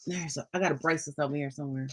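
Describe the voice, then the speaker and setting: A middle-aged woman talks to her viewers in a casual vlog. Her voice sits low, and she rambles in a chatty, enthusiastic way. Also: steady tone, rapid-fire, very noisy. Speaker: vlogger. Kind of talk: casual chat.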